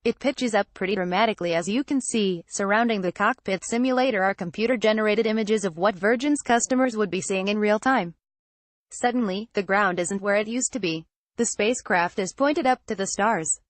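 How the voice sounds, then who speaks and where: A woman reads through a news feature evenly and deliberately, treating quotations in the same voice as the narration. Her pitch is middling, and the recording is dry and close-miked with no room sound.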